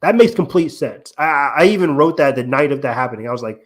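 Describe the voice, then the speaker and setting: A man's voice: mid-range voice, animated, fast talker. A man hosting a podcast in casual discussion, thinking aloud and rambling with lots of fillers. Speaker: podcast host.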